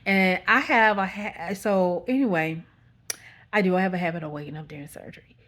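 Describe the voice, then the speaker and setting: A woman's voice: fairly low pitch, brisk, a bit bright. Rambling Texan woman telling a story. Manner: rambling, self-correcting, says y'all. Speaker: vlogger. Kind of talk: casual storytime.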